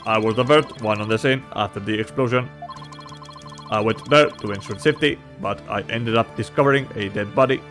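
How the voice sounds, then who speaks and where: A man voicing a curt bomb-disposal expert who speaks in a flat, clipped, robotic way. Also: on the low side, brisk, faint music behind, close to an everyday voice.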